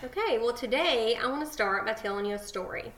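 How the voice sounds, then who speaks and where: A woman's voice: on the high side, expressive, fairly quick, fairly bright tone, roomy sound. A woman co-hosting a faith podcast, talking earnestly and affectionately about past guests. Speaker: podcast co-host. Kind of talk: casual faith podcast chat.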